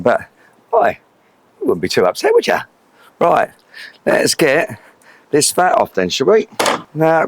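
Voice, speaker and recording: A man's voice: medium pitch, dry recording. Chatty, sweary man at the grill. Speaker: cooking channel host. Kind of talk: casual cooking vlog chat. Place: outdoors at a grill.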